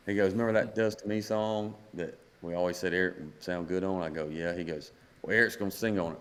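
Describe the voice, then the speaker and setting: A man's voice: low-pitched, steady tone, fast talker. A man in his thirties, a country singer-songwriter guest, telling a story and acting out the dialogue. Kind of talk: storytelling in a podcast interview.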